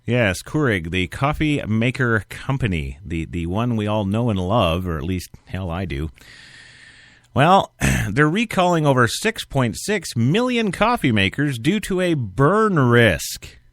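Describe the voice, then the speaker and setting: A man's voice: medium pitch, unhurried, dry recording, clean studio sound. Sarcastic man hosting talk radio. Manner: sarcastic, rambling, animated. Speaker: radio show host. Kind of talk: internet talk radio commentary.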